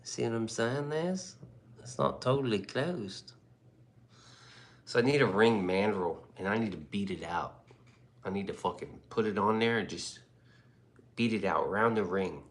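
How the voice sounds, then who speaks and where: A man's voice: lowish voice, measured pace, long pauses. A man hosting a livestream in rambling casual chat, profane and loose, often laughing. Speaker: livestream host.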